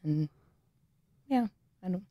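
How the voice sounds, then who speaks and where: A middle-aged woman archaeologist, a podcast guest, speaking in a low-key, matter-of-fact way with frequent pauses. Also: lively intonation, dark tone, dry recording, clean studio sound. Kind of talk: casual interview talk.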